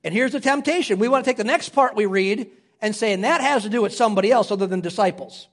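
A male pastor preaching an earnest sermon, slowing down and dropping low when reading scripture.

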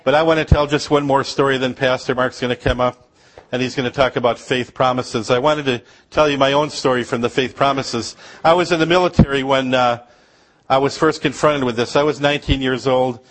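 A middle-aged man from Upper Michigan tells mission stories from the pulpit, joking and asking the congregation questions. His voice sits at an ordinary middle pitch, and he spins anecdotes with a preacher's easy humor. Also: steady tone, brisk, fairly bright tone. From Upper Michigan, USA. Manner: anecdotal storytelling with laughs and asides to the congregation. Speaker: missionary speaker.

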